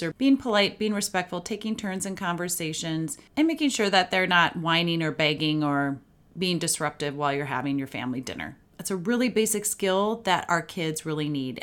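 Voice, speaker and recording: A woman hosting her own podcast, speaking with a somewhat low voice. She coaches listeners in a matter-of-fact, upbeat way, plain and practical. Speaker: podcast host and parent coach. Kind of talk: solo podcast talk.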